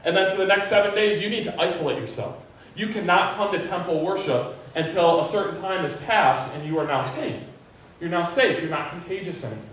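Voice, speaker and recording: A man preaching in an animated way, his voice pitched high. He is recorded in a church sanctuary with heavy echo. The mic sits some way off. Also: fairly quick, slight background noise. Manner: animated preaching, acting out a desperate leper's plea. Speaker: pastor. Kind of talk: sermon. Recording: very echoey hall, mic at a distance.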